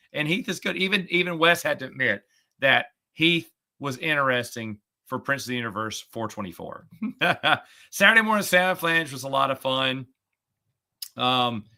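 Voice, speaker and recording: Speaking in a mid-range voice, a middle-aged podcast host keeps things casual, sarcastic and chatty. Retelling a story gets him visibly animated.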